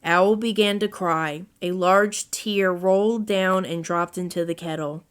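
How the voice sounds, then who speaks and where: A woman reading a children's storybook aloud as narrator, in a gentle read-aloud manner. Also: fairly low pitch, fairly even intonation, a little slow, clear, resonant tone.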